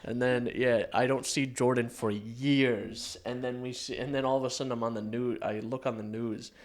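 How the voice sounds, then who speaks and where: A man's voice: mid-range voice, fairly even intonation, moderate pace. Young man riffing on a podcast. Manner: riffs and echoes the other's jokes. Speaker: podcast co-host. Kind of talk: casual chat.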